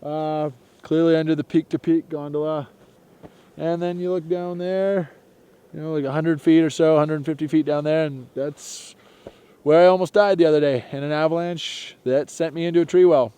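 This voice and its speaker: A man's voice: a little high, mellow, smooth. A young man telling a story in casual slang on an outdoor vlog from a snowy mountain slope. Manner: casual, laid-back slang. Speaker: snowboarder.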